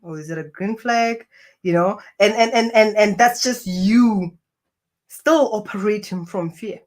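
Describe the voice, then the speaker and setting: A woman's voice: mid-range voice, unhurried, darkish tone. A woman speaking as a spiritual coach in an earnest self-help talk, often restarting and repeating her phrases as she goes.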